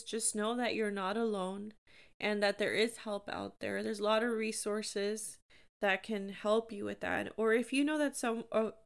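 A woman's voice: medium pitch, clear, resonant tone. A young woman hosting her own podcast, talking candidly and encouragingly in a chatty way with lots of fillers. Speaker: podcast host. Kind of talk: casual solo podcast talk.

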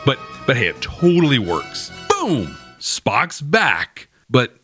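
A young man hosting a casual, wry episode recap with animated asides. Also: medium pitch, takes it slowly, soft background music. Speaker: host.

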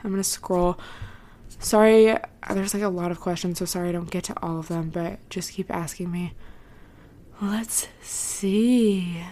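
A woman's voice: on the low side, flat delivery, a little fast, mellow. A young woman hosting her own podcast, chatting casually and earnestly, with lots of "like" and trailing thoughts. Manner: earnest, reassuring. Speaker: podcast host. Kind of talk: casual solo podcast chat.

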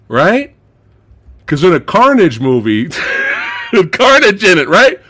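Animated man with a highly lively voice. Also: slow, pauses often. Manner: animated, laughs often, acts out movie lines; swears freely. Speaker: podcast host. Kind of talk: casual movie review chat.

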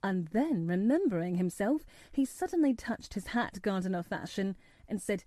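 A woman narrating a storybook in a measured, steady reading voice. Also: mid-range voice, dry recording. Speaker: audiobook narrator.

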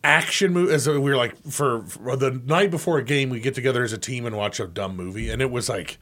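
A man co-hosting a sports talk show in casual chat, animated and laughing often. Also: mid-range voice, a little fast, slight background noise. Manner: animated, laughs often, shouts when imitating coaches. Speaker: sports radio co-host.

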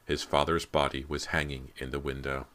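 A man's voice: extremely low pitch, flat delivery, normal speed, fairly bright tone. A man narrating a horror audiobook with dramatic storytelling.

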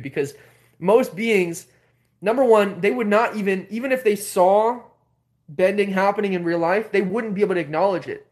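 High-voiced man rambling animatedly. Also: normal speed. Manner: rambling, animated, heavy on filler words. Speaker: host. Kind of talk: casual storytelling on a livestream.

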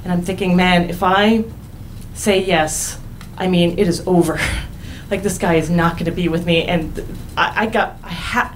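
A woman's voice: on the low side, unhurried, a little hiss or hum, rough recording. A young woman telling a candid personal story on stage, wry and laughing at herself.

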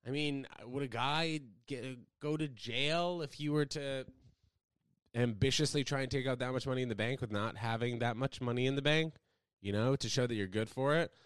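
A young man from the United States rambles casually to his viewers on a livestream. His voice is smooth and clear, and he jumps between loud bursts and low asides. The sound is dry and close, with no room around it. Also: normal speed, dry recording. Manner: animated, swings between loud outbursts and low mumbles.

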